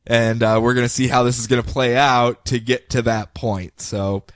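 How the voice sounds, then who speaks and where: A man hosting a podcast, animated and laughing as he recaps and acts out comic scenes. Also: mid-range voice, normal speed, no room sound. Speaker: podcast host. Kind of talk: casual chat recapping comics.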